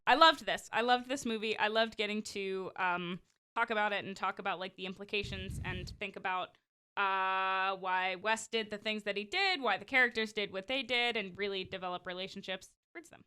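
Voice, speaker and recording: A woman's voice: medium pitch, normal speed, sharp tone, clear, resonant tone. A young woman guest on a podcast, chatting casually and giggling with enthusiasm. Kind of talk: casual chat.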